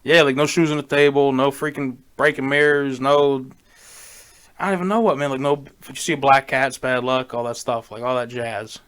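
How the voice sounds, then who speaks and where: A man's voice: medium pitch, fairly even intonation, a bit bright, clear, resonant tone. A man co-hosting a podcast in casual chat, slangy and loose, often tossing in "bro" and "man". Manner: fast, slangy, peppers talk with "bro" and "man". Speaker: podcast co-host.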